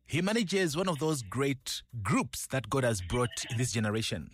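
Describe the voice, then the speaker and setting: A man's voice: mid-range voice, lively intonation, moderate pace, husky, soft background music. A man hosting a Christian radio show, upbeat and effusive, talking from a studio mic. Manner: effusive, warm-hearted and exclamatory.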